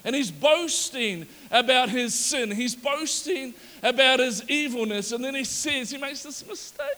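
A male pastor preaching a sermon in a lively storytelling manner and acting out the people in the story. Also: extremely high pitch, unhurried, in a large hall. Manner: animated, storytelling, acts out the characters.

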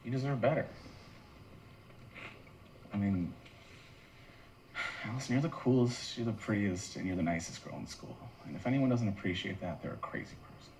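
A man's voice: fairly low pitch, moderate pace, pauses often, darkish tone, slight background noise, natural voice, poor audio. A young actor playing an awkward young man who stammers and gets drunk. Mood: earnest. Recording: film audio with faint ambience.

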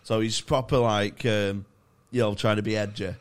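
Sweary comedian telling stories. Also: male voice, lowish voice, steady tone, normal speed, clear, resonant tone. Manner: sweary, laughing storyteller. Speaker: stand-up comedian. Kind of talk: casual podcast chat.

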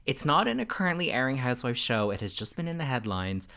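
A young adult host running a casual chat podcast, with a bright, sharp-edged voice. Their pitch swoops widely as they mimic people and swear for comic effect. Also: sing-song, fast, gravelly.

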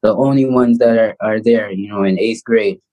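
A Canadian man in his thirties, a pro basketball player guesting on a podcast, telling his story in a fast, animated way with lots of "you know" and "like". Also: on the low side, poor audio. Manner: laughs often while telling his story. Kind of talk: casual storytelling interview.

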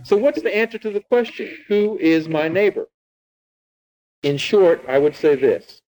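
A man's voice: high-pitched, animated, measured pace, a little mellow, poor audio. Man preaching a sermon. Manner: teaching, retelling scripture with rhetorical questions. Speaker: pastor.

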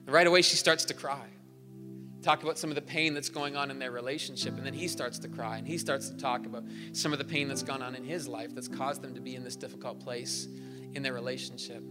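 A man's voice: mid-range voice, steady tone, fairly quick. A man preaching a sermon as pastor, earnest, building to emphatic repeated phrases in a large church hall. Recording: live church hall reverb with soft instrumental music.

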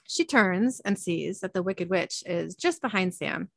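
A woman's voice: on the low side, expressive, a little slow, creaky, few pauses, a bit bright, dry recording. A woman hosting a podcast, casually recapping an episode with chatty, laughing asides. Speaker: podcast host.

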